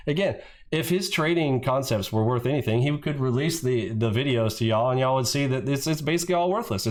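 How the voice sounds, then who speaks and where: A man hosting a trading video, ranting in heated reaction commentary, mocking a rival and swearing freely. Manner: mimics his rival in shrill yells.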